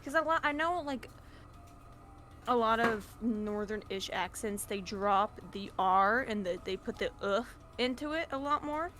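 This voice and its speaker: A woman chatting casually on a stream, animated and giggly, often trailing off mid-thought. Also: a little high, unhurried, music in the background.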